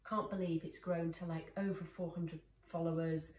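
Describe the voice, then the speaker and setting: Woman dog trainer, lowish voice, encouraging, recorded from across an echoey room with faint noise. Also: level tone, moderate pace, darkish tone, recorded from a distance. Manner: praising, encouraging. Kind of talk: casual training demonstration.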